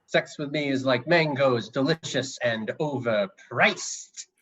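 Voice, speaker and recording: A man's voice: mid-range voice, takes it slowly, fairly bright tone, breathy edge, rough recording. A man performing improv one-liners on a video call, joking and laughing at his own lines.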